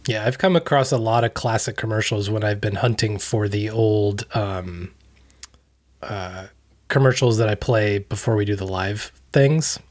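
A man's voice: on the low side, unhurried. An American man co-hosting a casual chat, riffing with jokey, exaggerated asides. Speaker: co-host.

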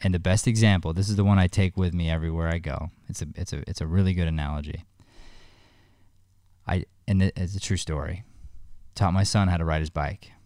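A man with a very deep voice speaks in earnest. He tells a story and offers advice, often restarting his sentences. The sound is close and dry. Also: steady tone, a little fast, a little mellow, no room sound. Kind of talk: heartfelt one-on-one conversation.

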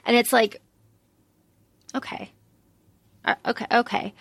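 Talking over a book as a podcast co-host, a woman keeps things casual, sprinkling in lots of "like" and easy swearing. She speaks at normal speed in a slightly bright, higher-pitched voice, and the sound carries no echo.

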